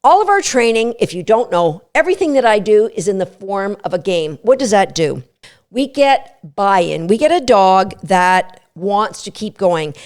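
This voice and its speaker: A middle-aged woman hosting a dog training podcast, animated and playful, often breaking into quick voices for what a dog might be thinking. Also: mid-range voice. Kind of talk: podcast teaching talk.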